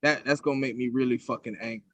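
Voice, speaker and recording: Profane, animated man telling stories. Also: medium pitch, quick pace, dry recording. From United States. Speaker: podcast co-host. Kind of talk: casual chat.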